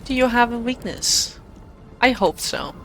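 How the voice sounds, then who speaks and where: A young woman with a slightly high, creaky, somewhat bright voice and lively intonation streams a video game, speaking unhurriedly. She chats playfully with her viewers while she plays, giving casual gameplay commentary over faint game music.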